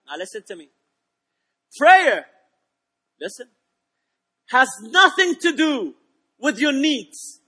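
A man preaching a sermon, prodding the congregation with questions and swinging between quiet asides and loud shouted peaks. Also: high-pitched, long reverb tail. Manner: emphatic, prods the congregation with questions.

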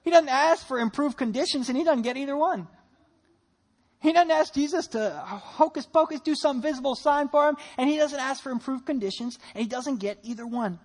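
A woman preacher giving a sermon, retelling scripture with animated storytelling and rhetorical questions. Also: high voice, brisk.

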